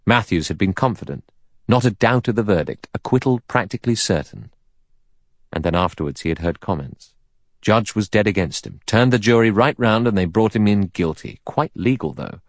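A man narrating a novel as an audiobook in a steady, composed manner. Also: lowish voice, moderate pace, no room sound, studio quality.

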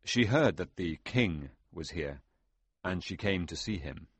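Narrator voicing a deep-voiced, uneasy courtier, hesitant and awkward. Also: male voice, animated, a little slow, slightly rough, no room sound, heavily acted. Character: hurried, awkward male courtier.

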